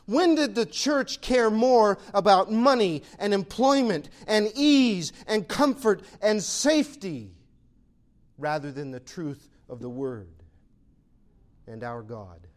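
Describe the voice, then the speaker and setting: High-voiced, emphatic male preacher. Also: expressive, slow pace. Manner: emphatic, exhorting, rhetorical questions. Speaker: pastor. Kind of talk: sermon.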